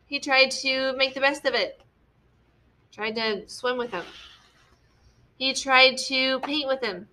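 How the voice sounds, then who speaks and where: A woman's voice: high-pitched, pushed and bright. A young woman teaching a class on story structure, explaining patiently step by step and often checking in with "okay?".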